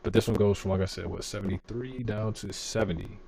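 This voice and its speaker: A man's voice: on the low side, fairly quick, gravelly, mellow. A man doing casual live-stream market analysis from a home room on a desk mic, chatty and laid-back, talking to his chat. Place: home room with computer fans and laundry nearby. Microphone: desk microphone.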